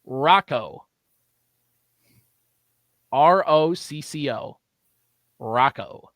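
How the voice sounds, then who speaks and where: A man's voice: fairly high pitch, expressive, a bit bright, dry recording. A man co-hosting a morning sports radio show, running a quiz game and teasing his partner as he drags out the clues. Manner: teasing quizmaster, drawls clues slowly. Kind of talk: casual sports radio banter.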